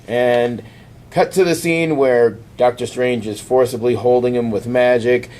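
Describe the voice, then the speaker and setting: A man casually recapping a comic on a podcast, rambling and acting out the characters' lines in quick voices. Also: mid-range voice, steady tone, a little mellow. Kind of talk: casual chat.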